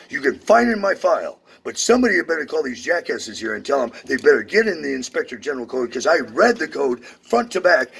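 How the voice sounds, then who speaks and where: This man's voice is a little high, gravelly and husky, with a fairly bright tone. He's in a furious, profanity-laced confrontation at a federal building's social security office, both at the counter and over the phone.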